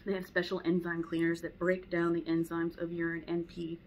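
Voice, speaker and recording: This woman's lowish, darkish voice stays monotone and fairly quick, captured roughly with some faint background noise. Her at-home dog training lesson is casual and chatty, and she performs both dog and owner voices.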